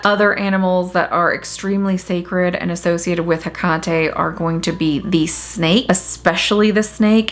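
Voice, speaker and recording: A woman's voice: lowish voice, a bit bright. A chatty woman vlogger explaining mythology in a casual way, often unsure of how to say names. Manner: chatty, unsure of name pronunciations. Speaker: witchcraft vlogger. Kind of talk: casual informative talk.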